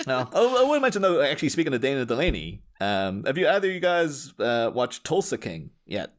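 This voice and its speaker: A man's voice: medium pitch, a little fast, a little hiss or hum. A man co-hosting a podcast, chatting casually and acting out lines with frequent laughs. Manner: animated, laughs often, acts out lines. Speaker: podcast co-host. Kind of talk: casual chat.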